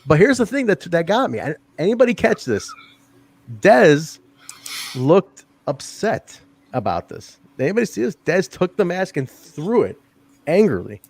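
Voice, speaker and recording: A man's voice: sits high, big pitch swings, normal speed, gravelly, darkish tone. A man hosting a casual wrestling review podcast, chatty and swearing freely, talking through a wrestling mask. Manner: chatty, swearing, laughs often. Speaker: podcast host. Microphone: wearing a wrestling mask over his face.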